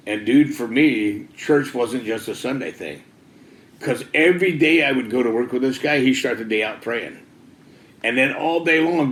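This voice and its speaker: A man's voice: on the low side, fairly bright tone, a little hiss or hum. Slangy man telling his testimony, roomy echo. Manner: casual, slangy, peppered with "dude" and "man". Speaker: former biker giving a church testimony. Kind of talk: personal testimony storytelling.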